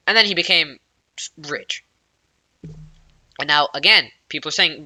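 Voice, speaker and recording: A man giving casual, excitable tech news commentary as a YouTuber, rambling with plenty of fillers. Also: a little high, measured pace, pauses often.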